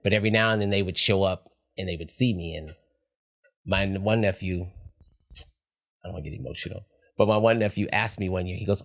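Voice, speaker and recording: A man's voice: low voice, fairly even intonation, a little fast, creaky, pauses often. A middle-aged man, a podcast guest, talking candidly in a reflective, heartfelt way. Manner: reflective, heartfelt, soft-spoken at times.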